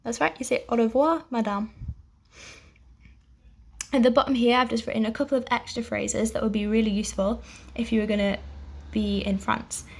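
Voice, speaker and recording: A young woman teaching an online language lesson, patient and clear, pausing to let learners repeat after her. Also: a little high, flat delivery. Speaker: French teacher.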